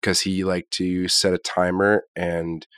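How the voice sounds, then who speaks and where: A man with a very low, deep voice chatting casually on a podcast. He sounds congested and talks in a loose, rambling way, drifting from one thought to the next. The sound is close and dry, with no room around it. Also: level tone, unhurried, fairly bright tone, smooth, no room sound. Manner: laid-back, rambling, drifts between thoughts. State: congested from illness. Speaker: podcast co-host. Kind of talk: casual chat.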